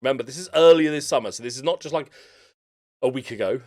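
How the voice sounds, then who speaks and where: A man's voice: mid-range voice, quick pace, a little mellow. A male gaming YouTuber reading a news article aloud and stopping to joke and laugh about it in a chatty reaction commentary. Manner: chatty, breaks off to joke and laugh between read passages.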